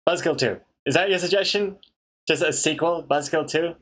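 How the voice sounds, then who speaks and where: On a live stream, a comic artist with a fairly high, slightly bright male voice chats casually at a normal pace. He reads viewer messages aloud, jokes with the chat, and laughs along at the jokes.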